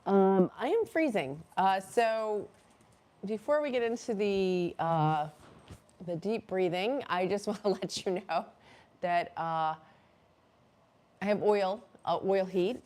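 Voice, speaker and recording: A woman's voice: mid-range voice, slow pace, long pauses, darkish tone. A woman hosting a casual live stream from her chilly home, chatty and rambling, with many fillers and restarts. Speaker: livestream host. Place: cold home room. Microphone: microphone clipped near her cat.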